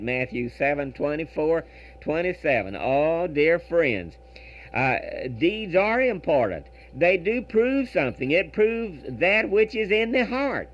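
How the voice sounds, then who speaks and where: A man preaching a radio sermon, earnest, reading scripture and verse in a measured rhythm and often repeating words. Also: fairly high pitch, big pitch swings, dull audio.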